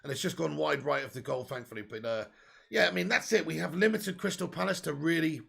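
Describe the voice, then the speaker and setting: Gravelly excitable watch-along host. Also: male voice, fairly high pitch, quick pace. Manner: excitable, chatty, swears freely, reads chat aloud. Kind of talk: casual live match commentary.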